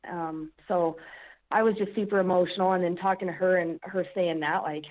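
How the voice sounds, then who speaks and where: A woman's voice: lowish voice, fast. Woman guest on a tinny phone line. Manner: emotional, animated storytelling with many "like"s. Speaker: podcast guest, strongwoman athlete. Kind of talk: casual interview chat.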